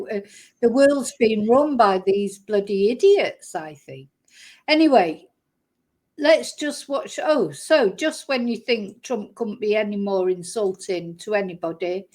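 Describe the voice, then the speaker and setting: A woman's voice: medium pitch, darkish tone. A woman giving casual reaction commentary on clips, blunt and indignant, chatting with frequent restarts. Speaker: commentary vlogger.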